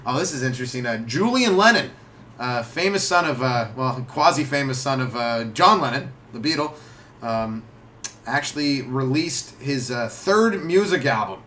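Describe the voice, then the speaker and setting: A man's voice: mid-range voice, animated, normal speed, pushed and bright, slight background noise. A young man co-hosting a comedy history show, rambling casually, laughing often and slipping into silly voices. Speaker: comedy podcast co-host.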